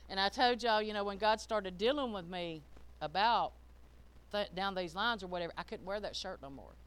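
Folksy woman preaching, bright voice. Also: medium pitch, moderate pace, clean tone. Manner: emphatic, folksy preaching that swings between loud and hushed. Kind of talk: sermon.

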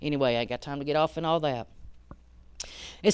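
A woman preaching a sermon, rising to loud emphatic peaks and dropping to hushed asides. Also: sits low, brisk, long pauses, clear, resonant tone.

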